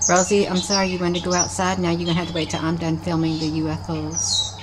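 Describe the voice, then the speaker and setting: A woman vlogger films the sky outside her house, giving casual running commentary and coaxingly calling everyone honey. Her voice is on the low side, level and fast. The camera mic picks up loud outdoor noise and birdsong.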